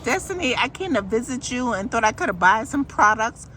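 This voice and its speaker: A woman vlogger chatting casually to her viewers in an animated, exclamatory way. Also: fairly high pitch, brisk, few pauses, a little hiss or hum. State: emotional, close to tears. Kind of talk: casual vlog chat.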